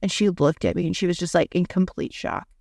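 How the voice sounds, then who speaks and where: A woman's voice: fairly low pitch, brisk, creaky, darkish tone, no echo, clean studio sound. A young adult woman, a podcast co-host, telling a story in casual chat and filling it with lots of "like". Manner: rambling, heavy use of "like" fillers.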